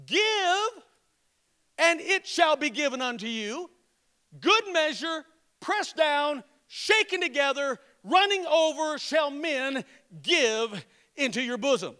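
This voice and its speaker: Male pastor, sermon delivery: very high, bright, forceful voice; call-and-response, slow, stressed scripture reading. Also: expressive. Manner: emphatic call-and-response preaching; slows and stresses each word when reading scripture.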